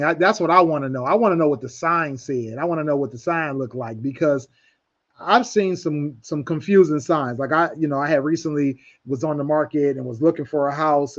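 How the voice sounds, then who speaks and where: A man's voice: on the high side, lo-fi sound. A man hosting a talk radio show in casual chat, rambling with many restarts.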